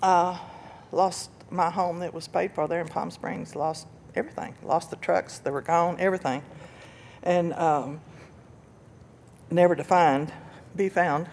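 An older woman giving an earnest personal testimony about recovery and loss, telling her story with bursts of laughter and loud quoted lines. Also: on the low side, steady tone, a little slow, a little hiss or hum. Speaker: speaker sharing recovery story.

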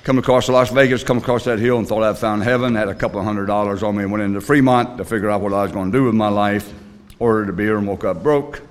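Older man, low voice, rambling testimony. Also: steady tone. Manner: rambling, plain-spoken storytelling with frequent pauses; earnest and confessional, folksy grammar. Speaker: speaker at a recovery meeting. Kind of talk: personal testimony talk.

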